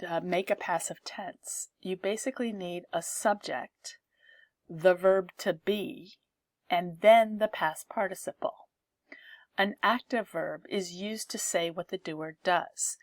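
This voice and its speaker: Slow, deliberate woman teaching grammar. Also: on the low side, no echo. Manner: clear, deliberate explaining with repeated examples. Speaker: English teacher. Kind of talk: grammar lesson.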